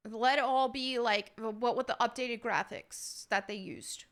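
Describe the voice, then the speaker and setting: Speaking a little slowly, this woman has a fairly high, fairly bright voice with a slight Southern American accent, though she's from upstate New York. She's a YouTuber casually chatting through her viewers' member questions, reading each aloud and answering with frequent laughter.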